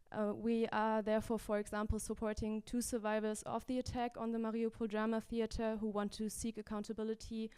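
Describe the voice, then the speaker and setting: A woman giving prepared remarks as a legal advocate at a panel event in a gallery, measured and formal, with small restarts. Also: on the high side, dark tone, smooth.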